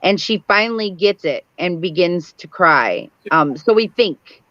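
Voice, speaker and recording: Woman calmly recapping a plot, lo-fi. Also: lowish voice, unhurried, no room sound. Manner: methodical narrator with frequent ums. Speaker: co-host. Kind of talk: casual chat recapping a TV episode. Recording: dull lo-fi stream audio.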